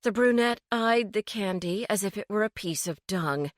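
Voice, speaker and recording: A woman narrating a cozy mystery audiobook in a measured, storytelling manner. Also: medium pitch, lively intonation, no echo, clean studio sound.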